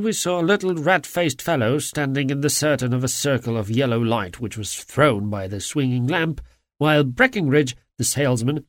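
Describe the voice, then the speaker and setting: A man reading a classic detective story aloud in an expressive storytelling manner. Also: mid-range voice, dry recording, clean studio sound. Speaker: narrator.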